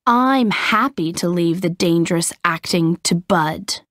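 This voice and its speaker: A woman's voice: lowish voice, a little slow, fairly bright tone, no room sound, studio quality. A woman voicing a male film star with an offhand, smug manner.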